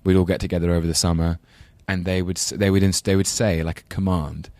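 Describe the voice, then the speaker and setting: A man's voice: low voice, flat delivery, quick pace, a little mellow, dry recording. A man with a London English accent, a podcast guest talking casually, thoughtful and hesitant with frequent ums and restarts. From England. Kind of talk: casual interview chat.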